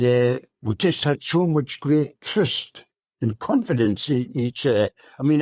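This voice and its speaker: A hundred-year-old man recounting his wartime memories as an interview guest, speaking in a halting, unhurried way with many fillers. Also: mid-range voice, darkish tone, dry recording. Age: 100. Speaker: RAF veteran guest.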